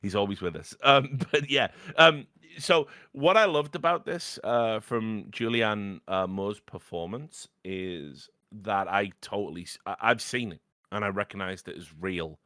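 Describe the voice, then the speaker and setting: Male podcast host, low-ish bright voice, animated and profane. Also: measured pace, few pauses, dry recording, clean studio sound. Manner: rambling, animated, swears often, laughs mid-sentence. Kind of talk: casual film chat.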